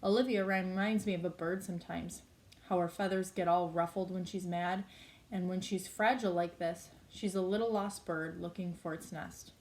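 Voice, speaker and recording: A woman's voice: fairly low pitch, fairly even intonation, normal speed, a little mellow. A woman reading a novel aloud in a plain, unpolished way, with small slips she corrects as she goes. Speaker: reader.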